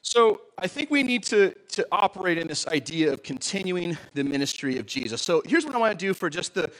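A man, a pastor, preaching a sermon in an animated, joking way and often asking the audience questions. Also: high-pitched, fairly quick, low-quality recording.

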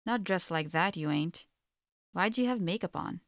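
A woman's voice: fairly low pitch, animated, normal speed, gravelly, no room sound, studio quality. A woman reading the lines of a sly, controlling husband with a drawl in a story. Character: sly controlling Southern husband, adult man.

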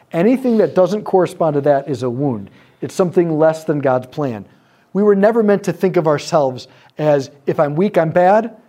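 A man with a slightly high, dark-toned voice gives a sermon-style teaching on prayer ministry to a live group. He tells a story, acting out the voices of the people in it and letting his pauses land.

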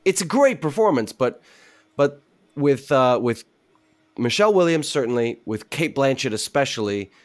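A man's voice: medium pitch, sing-song, moderate pace. A man on a casual panel discussion, giving emphatic, opinionated takes.

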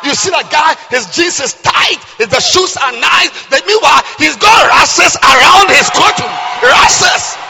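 A male preacher delivering an animated sermon, shouting with comic asides. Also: very high-pitched, moderate pace, creaky, few pauses.

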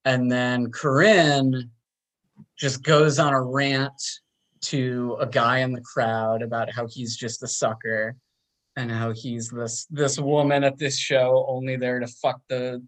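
A man's voice: flat delivery, measured pace, fairly bright tone. A man from Long Island casually recapping a film on a podcast, acting out the characters' lines. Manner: laid-back, chatty, acts out characters' lines with big jumps in pitch. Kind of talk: casual chat.

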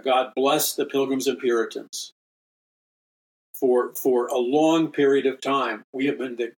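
Guy preaching on prophecy, reads from his book, keeps restarting words, mid-pitched voice. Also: poor audio. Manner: earnest, emphatic, with frequent restarts and repeated words. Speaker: prophecy minister and radio host. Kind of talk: reading from his own book with commentary.

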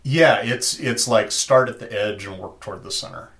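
A man's voice: medium pitch, moderate pace, fairly bright tone. A man narrating as game master in a tabletop game, loose and chatty. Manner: loose and chatty, many fillers.

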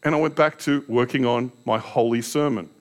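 A man's voice: mid-range voice, normal speed. A pastor preaching a sermon in a candid, self-deprecating way, telling personal stories and asking his listeners rhetorical questions.

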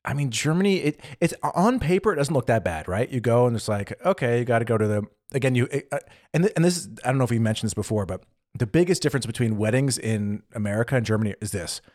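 A man's voice: mid-range voice, fast talker, no echo, clean studio sound. A young adult man co-hosting a podcast, chatting casually and acting out little quotes as he tells a story. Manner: animated storytelling with acted-out quotes. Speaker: podcast co-host. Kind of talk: casual chat. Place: living in Germany.

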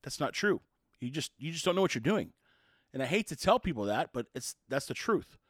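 A man's voice: medium pitch, sing-song, fairly quick, no echo, clean studio sound. A man who works as a dog trainer, giving an emphatic, opinionated monologue and acting out quotes in raised voices.

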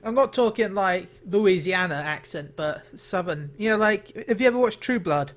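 An English man co-hosting a podcast, chatty and quick to laugh, with frequent restarts. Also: high-pitched, animated. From England. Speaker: podcast co-host. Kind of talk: casual chat.

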